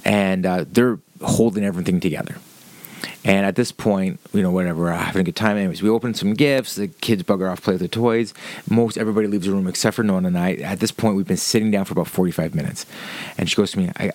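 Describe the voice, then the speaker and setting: A man's voice: low voice, fairly even intonation, fast talker, a little mellow, no echo. A man casually telling a rambling story, swearing freely, with lots of "like" and "um" along the way. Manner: rambling, profane, with frequent fillers.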